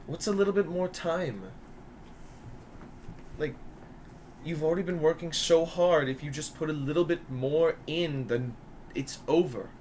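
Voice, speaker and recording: A man's voice: on the high side, unhurried, pauses often, slight background noise, lightly acted. A man putting on a coaxing, controlling noble mother. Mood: pleading. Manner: soft, wheedling, pleading speech.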